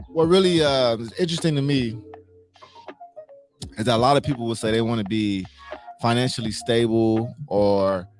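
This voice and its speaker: A man's voice: on the high side, a bit bright. A man hosting a casual motivational livestream, emphatic, repeating his points and asking his listeners questions.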